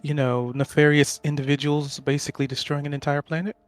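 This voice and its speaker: A man's voice: a little high, flat delivery, brisk, dry recording, soft background music. A man playing a tabletop game, speaking in character in an easygoing, playful way. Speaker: player.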